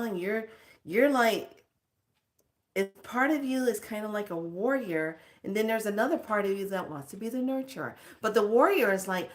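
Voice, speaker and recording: A middle-aged woman giving a casual spiritual pep talk as a teacher, speaking frankly and expressively and laughing often. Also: on the high side.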